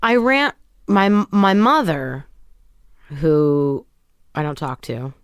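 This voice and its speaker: Woman, podcast guest, candid, deadpan humor, somewhat low pitch, dry close sound. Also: slow pace, clean tone, no echo. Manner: candid, wry, deadpan about hard topics. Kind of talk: casual conversation.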